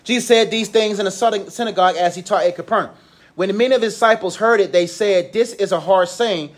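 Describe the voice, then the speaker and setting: Young male teacher, high voice, slangy classroom Bible study. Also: fast talker. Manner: informal, slangy, reads scripture then explains it.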